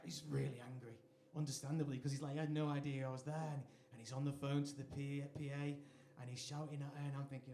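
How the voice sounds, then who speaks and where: Chatty English singer-songwriter telling stories. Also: male voice, medium pitch, level tone, quick pace, warm tone, a little hiss or hum. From England. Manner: chatty, self-deprecating anecdote telling. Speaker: singer-songwriter performing live. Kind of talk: onstage storytelling between songs. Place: live music venue stage. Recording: echoey live venue sound.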